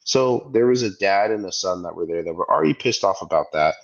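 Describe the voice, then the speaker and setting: Speaking a little fast with vocal fry, a low-voiced man in his thirties co-hosts a podcast and tells a story in casual chat. He performs the quoted voices as an animated storyteller, and the audio sounds dull.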